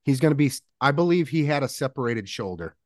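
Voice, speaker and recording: A man's voice: mid-range voice, lively intonation, fast, a little mellow, dry recording, clean studio sound. Chatty laughing male sports co-host. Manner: chatty, laughs often, rambling. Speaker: podcast co-host making picks. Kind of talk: casual sports chat.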